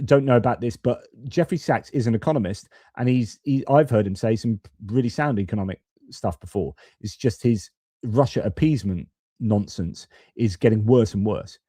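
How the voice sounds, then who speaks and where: A man with a lowish, mellow voice talks through a live stream, reading viewer comments and giving his own rambling, opinionated takes. He often stops and corrects himself mid-thought. The sound is close and dry, with no room around it. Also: dry recording. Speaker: host of a live-stream geopolitics channel.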